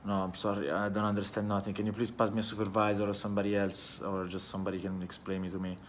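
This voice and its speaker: Confused customer, played by a man, stumbling, lower voice. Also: little pitch movement, quick pace, slight background noise, natural voice. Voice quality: hesitant, stumbling restarts. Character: confused male bank customer, patient then fed up.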